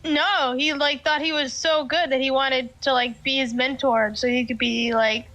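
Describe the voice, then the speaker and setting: High bright-voiced chatty woman. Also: steady tone, moderate pace, low-quality recording. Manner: chatty storytelling, laughs often, filler "like". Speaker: streamer. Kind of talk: casual chat while streaming a tabletop game.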